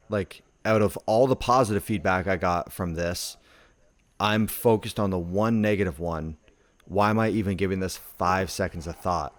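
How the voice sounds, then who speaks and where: A man's voice: lowish voice, measured pace, no room sound. A man co-hosting a podcast, telling a story in a laid-back casual chat, full of filler words. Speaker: podcast co-host.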